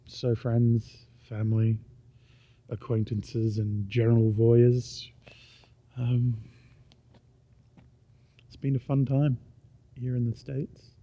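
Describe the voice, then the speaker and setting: A middle-aged Australian man, tired and speaking quietly, rambling through a casual walking vlog outdoors at night. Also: little pitch movement, slow pace, long pauses, dry recording. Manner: rambling, quiet and low-key. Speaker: vlogger. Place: outdoors on a small-town main street at night. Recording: dull lo-fi recording.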